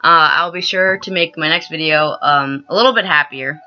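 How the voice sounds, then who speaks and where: A woman's voice: low voice, moderate pace. A young woman vlogging an earnest, emotional rant she wrote as a script, stumbling and restarting now and then. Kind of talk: scripted personal vlog rant. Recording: dull lo-fi with soft piano music. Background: soft piano music.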